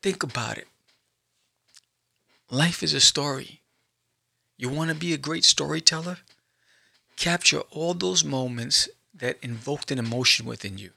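A man's voice: a little high, measured pace, creaky, long pauses. A man hosting a podcast, talking straight to listeners and acting out their inner thoughts. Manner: animated, acts out inner thoughts in quotes. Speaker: podcast host. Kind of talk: motivational talk to listeners.

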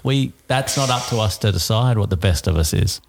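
Man, podcast co-host, low voice, animated pitch, earnest and talkative. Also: fairly quick, gravelly, a little hiss or hum. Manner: earnest, talkative, frequent laughs. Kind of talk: casual chat.

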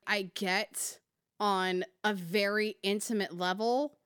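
A woman's voice: mid-range voice, steady tone, slow pace, fairly bright tone, smooth, no echo, clean studio sound. A woman co-hosting a casual podcast, emphatic and passionate, swearing freely. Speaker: podcast co-host.

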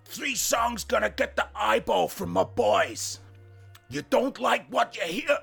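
Crude, growly mobster host, bright raspy tone, very slow. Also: male voice, high voice, expressive, soft background music, heavily acted. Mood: menacing. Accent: put-on Australian. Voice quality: gravelly, raspy. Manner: slow, growling gangster delivery with shouted bursts. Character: swaggering male mobster doorman, menacing and crude.

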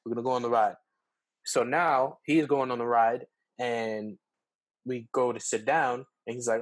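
A young man, co-hosting a podcast, telling a story casually with lots of fillers and jumping up in pitch when acting out quotes. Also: normal speed. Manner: animated, acts out quotes with pitch jumps, heavy fillers. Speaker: podcast co-host.

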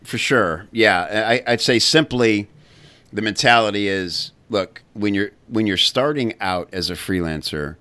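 A man's voice: on the low side, measured pace, sharp tone, no echo. A man being interviewed as a guest, telling his story candidly with many fillers and restarts. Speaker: guest, copywriting community founder.

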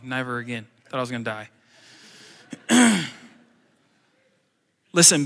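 A man preaching a sermon as pastor to his church, animated and swinging between loud emphasis and quiet joking asides. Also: a little high. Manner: joking asides in plain everyday speech. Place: church sanctuary. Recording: long church hall reverb.

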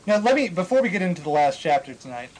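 A man's voice: sits high, very animated, fast, a little mellow, low-quality recording. A man co-hosting a comedy podcast who makes dry, joking asides. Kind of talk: casual banter.

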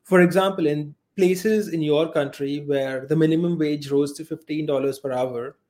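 A man's voice: a little high, fairly even intonation, normal speed, a little mellow. A man co-hosting a podcast, laying out his argument step by step with worked examples. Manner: methodical, explains step by step with examples. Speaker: podcast co-host. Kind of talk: casual podcast debate.

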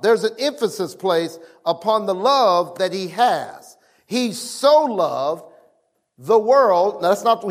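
A middle-aged man preaching a sermon, emphatic and casual, calling on the congregation to answer back. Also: high voice. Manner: emphatic, call-and-response with the congregation.

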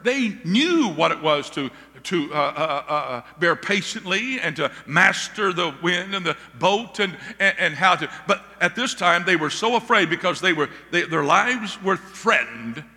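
A high, bright male voice preaching with emphatic energy, tossing questions back to his congregation. His words ring out with a long reverb in a church sanctuary. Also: expressive, unhurried, hardly any pauses. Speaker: pastor. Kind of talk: sermon. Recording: long reverb of a large hall.

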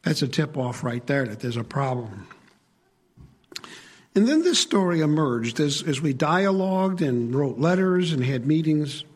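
Guy preaching to his church, kinda husky, chatty, asks the room stuff. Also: on the high side, animated, unhurried. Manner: conversational, asks the congregation questions. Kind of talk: sermon.

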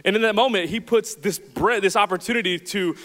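Young male pastor, casual self-mocking storyteller, high clear voice, long hall reverb. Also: brisk. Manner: chatty, self-deprecating, animated storytelling. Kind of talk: sermon with storytelling. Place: church hall with audience.

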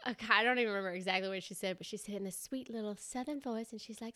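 A woman's voice: fairly high pitch, quick pace, sharp tone. A young woman hosting a podcast, chatting casually with lots of fillers and laughs. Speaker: podcast host. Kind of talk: casual chat.

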